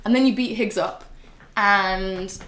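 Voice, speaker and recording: A woman's voice: medium pitch, takes it slowly, a bit bright, echoey room. Chatty, sweary young woman. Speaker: streamer. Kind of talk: casual chat.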